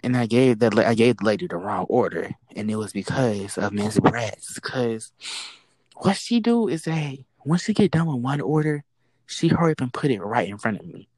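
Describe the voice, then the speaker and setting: A woman who works a fast-food drive-thru window, telling a work story in casual chat, acting out the quoted exchanges and swearing freely. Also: extremely low pitch, animated, darkish tone, no echo, rough recording.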